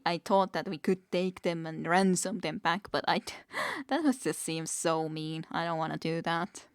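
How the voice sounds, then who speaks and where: A woman's voice: on the low side, dry recording, clean studio sound. A woman streaming a game, musing aloud, reading the game text and chuckling often in casual commentary. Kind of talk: casual let's-play commentary.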